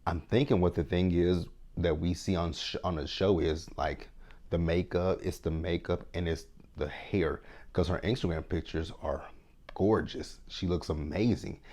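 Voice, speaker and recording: A low, darkish-voiced man in his thirties reviews a TV show in a casual recap. He's chatty and frank, and keeps checking in with viewers by asking "right?"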